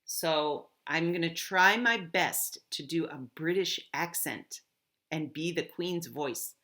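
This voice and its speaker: A woman teacher walking students through an app step by step, clear and encouraging. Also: sits low, slow pace, sharp tone.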